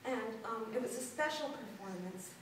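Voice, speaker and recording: A woman in her sixties from Los Angeles, a performance artist telling her life story to a gallery audience in a halting way, with frequent pauses and ums. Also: on the high side, animated, slight background noise. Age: 60s. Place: gallery room before an audience. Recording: very echoey room, distant mic.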